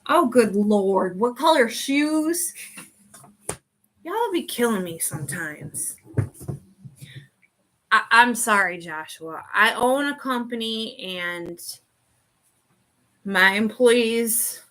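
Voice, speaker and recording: A woman's voice: medium pitch, expressive, slow, long pauses, bright, forceful tone, a little hiss or hum. A woman hosting a podcast in a casual, rambling chat that keeps wandering off on side remarks. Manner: rambling, chatty, sidetracked. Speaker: podcast host.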